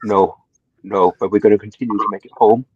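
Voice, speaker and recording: A man's voice: lowish voice, steady tone, a little fast, husky, no echo. A man playing a cocky migrant caller who taunts the hosts and keeps calling them brother. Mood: taunting. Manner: provocative, taunting, calls others brother. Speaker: prank caller posing as a migrant. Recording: dull lo-fi dry call audio.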